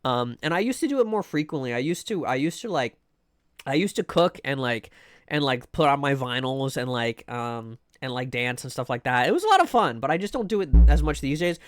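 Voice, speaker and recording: A man's voice: medium pitch, very animated, fairly quick, dry recording, studio quality. A man streaming live, chatting casually with viewers in a rambling way, full of fillers and restarts. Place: home room.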